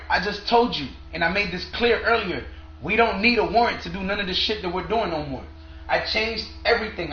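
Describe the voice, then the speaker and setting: A man's voice: sits high, a little hiss or hum. A man talking straight to viewers in a rambling monologue, agitated and profane, in long run-on stretches. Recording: echoey room, dull lo-fi sound.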